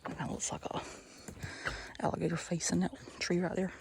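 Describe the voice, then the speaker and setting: A chatty Southern-accented vlogger narrates a walk along a forest boardwalk, talking easily and thinking out loud. The voice sits mid-pitch, recorded outdoors on a handheld camera with faint background noise. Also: flat delivery, fairly quick, creaky. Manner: chatty, easygoing, thinks aloud while hiking. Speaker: travel vlogger. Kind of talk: casual walking vlog narration.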